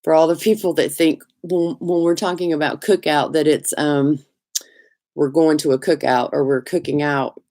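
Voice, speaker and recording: A middle-aged woman with a Southern US accent hosting a casual live chat, talkative and quick to laugh, greeting viewers by name. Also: deep voice, fairly even intonation, warm tone. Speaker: livestream host.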